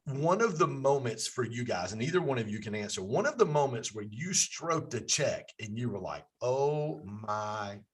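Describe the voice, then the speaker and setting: An excitable male podcast host with a slightly husky voice. His pitch climbs and dips a lot as he tells stories in an easy, conversational way. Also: a little fast, few pauses. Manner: animated storytelling, voice jumps up when excited. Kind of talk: casual interview chat.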